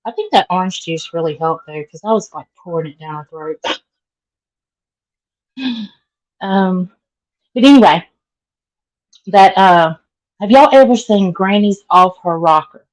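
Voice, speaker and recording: A woman's voice: fairly low pitch, animated, a little slow, pauses often, rough recording. A middle-aged woman with a Southern accent, chatting casually with live viewers and greeting them by name. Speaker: vlogger.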